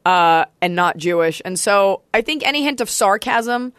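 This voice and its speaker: A woman's voice: mid-range voice, lively intonation, normal speed, a bit bright, smooth, no room sound, clean studio sound. A woman from Texas in her thirties, chatting as a comedian guest on a podcast in a playful, jokey way, often breaking into silly improvised songs and impressions. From Dallas, Texas. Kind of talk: casual podcast chat.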